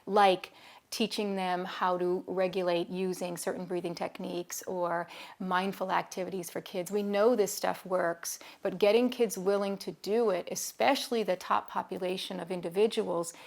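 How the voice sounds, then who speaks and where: A woman's voice: mid-range voice, steady tone, moderate pace, gravelly, a bit bright. A middle-aged woman, a school behavior consultant, explains classroom self-regulation in a conversational teaching video and acts out dialogue from her anecdotes. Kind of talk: talking-head teaching video.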